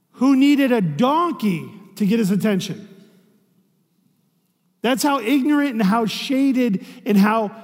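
A man with a notably high speaking voice delivers a sermon as a pastor, chatty and conversational. He keeps checking in with the room through rhetorical questions. His words trail off into a long hall reverb. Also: darkish tone.

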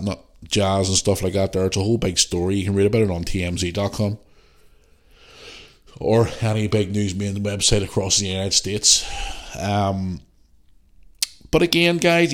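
Blunt Northern Irish man with a low voice. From Northern Ireland. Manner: blunt, opinionated, swears freely. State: getting over the flu, sniffly. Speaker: podcast host. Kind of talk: casual solo podcast rant.

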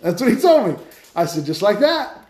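A man hosting a Christian podcast, telling stories in a lively, casual way with many restarts. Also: high-pitched, brisk, reverberant. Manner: animated storytelling with many restarts. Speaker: podcast host, Christian speaker. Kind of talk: casual faith talk.

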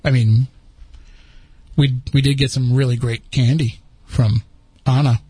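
A man's voice: mid-range voice, fairly even intonation, unhurried, dark tone, husky, no echo. A man hosting a podcast, chatting casually and rambling with frequent restarts. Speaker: podcast host. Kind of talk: casual chat.

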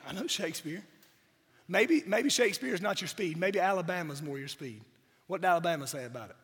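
A man from South Georgia with a Southern accent, preaching a sermon while hoarse from a cold, mixing wry jokes to the congregation into his points. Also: high voice, lively intonation, a little fast, a bit bright. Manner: wry, joking asides to the congregation. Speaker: pastor. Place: church sanctuary. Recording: church hall reverb.

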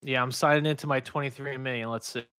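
A man's voice: mid-range voice, fairly even intonation, quick pace, bright, forceful tone, clear, resonant tone, no room sound. A man in a casual podcast chat who teases and cracks jokes. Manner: teasing, jokey.

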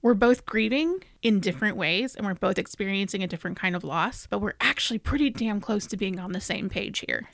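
Female podcast co-host, gravelly voice, animated casual delivery, dry sound. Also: mid-range voice, a little fast, hardly any pauses, no echo. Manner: animated, laughs easily, swears casually. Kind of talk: casual book discussion.

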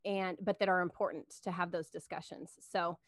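A woman's voice: fairly low pitch, fairly even intonation, moderate pace, no room sound, studio quality. A woman guesting on a faith podcast, talking about her own show in an earnest way with frequent giggles. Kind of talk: casual faith-based podcast chat.

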